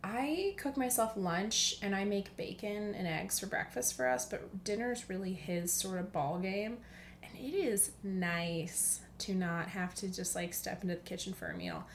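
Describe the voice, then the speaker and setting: A woman's voice: medium pitch, a little slow, a little hiss or hum. A young woman hosting a casual podcast monologue from home, chatty, dropping into whispers for asides. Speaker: podcast host.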